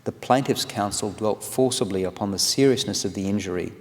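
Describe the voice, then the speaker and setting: A man in his forties giving a formal, scholarly lecture on legal history, measured and read from a paper. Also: on the low side. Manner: measured, scholarly delivery with occasional restarts. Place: large lecture hall. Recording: long reverb of a lecture hall.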